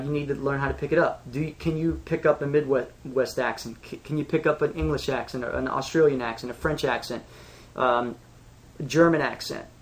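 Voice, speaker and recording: A man from Pittsburgh with a Pittsburgh accent, teaching awareness skills in a casual, self-assured, conversational way with frequent restarts. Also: on the high side. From Pittsburgh, United States. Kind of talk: casual spoken lesson.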